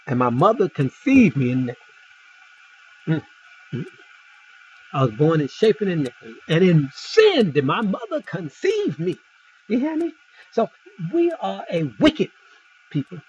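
Preaching in a loose, folksy style, this man is emphatic, with wide shifts in pitch and volume and plenty of rhetorical questions. His voice is slightly rough, and the audio sounds dull.

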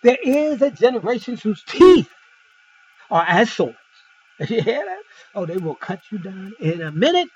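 Emphatic man preaching, lively swinging pitch. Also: unhurried, slightly rough, dull audio. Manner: emphatic, wide swings in pitch and loudness, rhetorical questions; folksy asides and storytelling. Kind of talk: informal sermon on scripture.

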